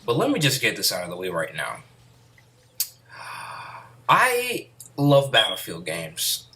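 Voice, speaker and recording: A woman's voice: rumbling low, wildly swooping pitch, unhurried, sharp tone. A woman YouTuber sitting at home in an angry, profane rant about video games, rambling and restarting her sentences. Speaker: gaming YouTuber.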